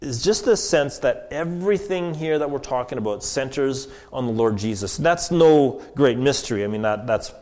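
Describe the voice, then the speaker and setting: Man preaching a halting, chatty sermon. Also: mid-range voice, animated, darkish tone. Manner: conversational, halting with many restarts and "right?". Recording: long echoing reverb.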